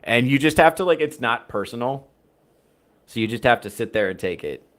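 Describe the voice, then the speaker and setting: A man's voice: mid-range voice, expressive, a little fast, a bit bright. A man hosting a casual livestream podcast, rambling through viewer chat in a wry, profane way. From United States. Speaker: podcast host reading chat.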